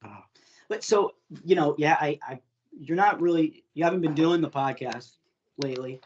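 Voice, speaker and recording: A man's voice: a little high, moderate pace, darkish tone, breathy edge, dull audio. A man hosting a podcast in casual chat, laughing often and swearing freely with many fillers. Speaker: podcast host.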